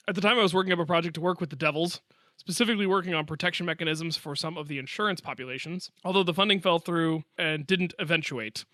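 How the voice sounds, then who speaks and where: A science podcast co-host reads a listener's email aloud, keeping things chatty and jokey with playful asides. His voice is fairly high, pushed, and bright. The recording is dry with clean studio sound.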